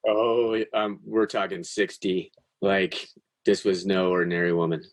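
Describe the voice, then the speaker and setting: A man's voice: deep voice, little pitch movement, measured pace, dry recording. A man guest on a podcast, earnestly and intensely telling a personal story in casual chat, with restarts and the odd swear word.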